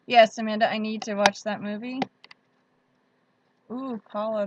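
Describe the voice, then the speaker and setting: A woman's voice: mid-range voice, moderate pace, muffled recording, noisy background. A woman hosting a casual livestream, chatting in a friendly way and greeting viewers by name. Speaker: livestream host. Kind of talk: casual livestream chat reading viewer comments.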